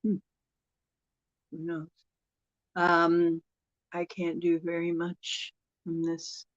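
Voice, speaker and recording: A woman's voice: lowish voice, completely flat delivery, drawn-out words, no room sound, dull audio. A woman hosting a casual livestream, chatty and rambling, often laughing and correcting herself. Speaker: livestream host.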